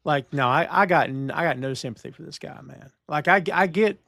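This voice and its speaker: A man with a slightly high voice recaps a show's plot in a blunt, chatty way. The sound is dry and close, with no room echo. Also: fairly quick, vocal fry, bright, forceful tone. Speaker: podcast co-host. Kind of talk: casual chat, recapping an episode.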